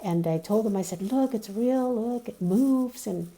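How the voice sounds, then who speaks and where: A woman's voice: medium pitch, measured pace, mellow. A young woman vlogger casually telling a personal story, rambling with lots of "like" and "you know".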